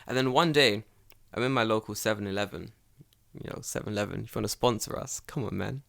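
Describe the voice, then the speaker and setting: Animated, swearing man with a London accent. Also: lowish voice, fast talker, creaky. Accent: London English. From England. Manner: animated, profane, comic storytelling. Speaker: podcast co-host. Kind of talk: casual storytelling chat.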